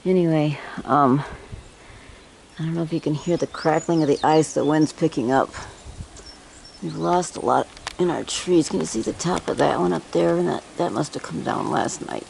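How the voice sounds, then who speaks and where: A woman from Northern Michigan with a rough morning voice, chatting casually outdoors and pointing things out to the viewer as she films on a phone. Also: sits low, moderate pace, darkish tone, a little hiss or hum. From Northern Michigan, USA. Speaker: vlogger. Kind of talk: casual handheld vlog narration. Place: outdoors in a yard, wind and trees.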